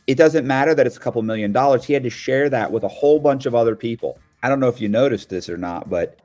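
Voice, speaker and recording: A man's voice: medium pitch, quick pace, darkish tone, soft background music. A man in his fifties who speaks bluntly and streetwise in a casual podcast conversation. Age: 50s. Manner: blunt, streetwise, acts out quoted voices. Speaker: guest commentator.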